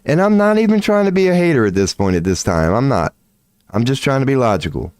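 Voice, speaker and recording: A man's voice: quick pace, clear, resonant tone, no room sound, studio quality. A man ranting casually on a livestream, where he also offers tarot readings, profane and rambling, swinging his voice up and down as he gets worked up. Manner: excitable, profane, rambling with big swings in pitch.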